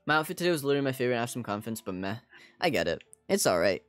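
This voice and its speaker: A man's voice: mid-range voice, sing-song, rapid-fire, a bit bright, clean tone, faint music behind. A man streaming a game and chatting casually with his viewers. He rambles a lot and fills his talk with "like". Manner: rambling, many "like" fillers, talks to chat. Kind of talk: casual live gaming chat.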